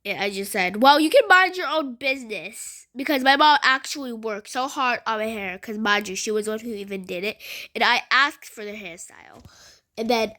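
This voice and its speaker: A woman telling a story in a casual, rambling way, full of fillers and animated retellings. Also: medium pitch, fairly quick.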